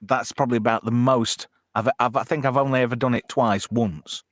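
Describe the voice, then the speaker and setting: A man's voice: mid-range voice, steady tone, fairly quick, dry recording, clean studio sound. A man hosting a casual live-stream chat, crude and full of swearing and laughter. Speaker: host.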